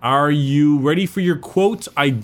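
A man's voice: a little high, a little slow. Chatty man with a sore throat. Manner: chatty, rambling, quizzing his co-host. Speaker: co-host. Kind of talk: casual chat.

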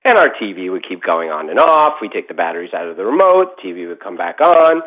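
A man's voice: deep voice, very animated, fast, a bit bright, dull audio. A middle-aged man telling a ghost story in casual chat, rambling with lots of fillers and restarts.

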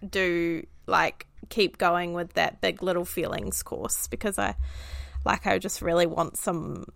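A woman's voice: on the low side, measured pace, gravelly, a bit bright, no room sound. A woman with a New Zealand accent, co-hosting a parenting podcast and telling a story in casual chat full of fillers. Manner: chatty storytelling with frequent fillers and laughs. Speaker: podcast co-host, mother.

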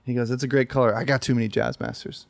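A man's voice: medium pitch, fast, gravelly, no room sound. A guitar store employee telling stories in casual podcast chat, quoting the people he met. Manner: animated storyteller, quotes people in his story.

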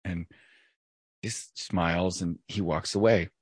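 Husky-voiced man telling jokes. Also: low-pitched, fairly even intonation, measured pace, no room sound. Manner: laid-back joke teller, with hesitant fillers. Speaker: podcast host. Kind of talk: casual chat, telling jokes.

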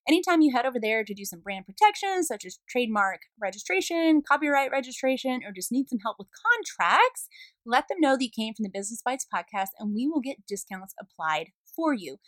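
A woman podcast host reads an upbeat sponsor spot. Her voice is a little high and swings widely in pitch, and the recording is very dry and close. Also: very animated, brisk, dry recording. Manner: upbeat, bouncy sales pitch. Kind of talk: ad read.

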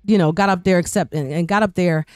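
A woman's voice: fairly low pitch, quick pace, darkish tone, no echo, studio quality. A woman radio personality guest-hosting a podcast, telling a personal story in a talkative way that repeats words, restarts and acts out quoted voices.

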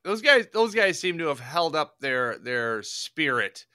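A man co-hosting a podcast, joking loudly and laughing through casual chat. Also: a little high, big pitch swings, unhurried, smooth, no echo, studio quality. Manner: loud, laughing banter. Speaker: podcast co-host.

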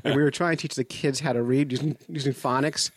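A man co-hosting a casual talk show, telling stories in an animated way and laughing often. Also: medium pitch, fast talker, slight background noise. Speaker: co-host. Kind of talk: casual chat.

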